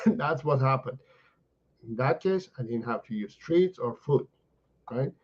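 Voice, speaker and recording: A man's voice: mid-range voice, animated, slow pace, slightly rough, highs cut off. A man, a dog trainer, answering viewers live in a chatty way, often repeating words and saying "you know" and "right?". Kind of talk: live-stream Q&A.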